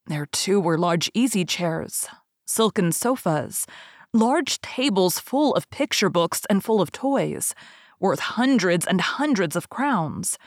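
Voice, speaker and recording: A woman narrating a fairy tale aloud with careful, expressive reading. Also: lowish voice, slow, no echo, studio quality. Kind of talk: storybook reading.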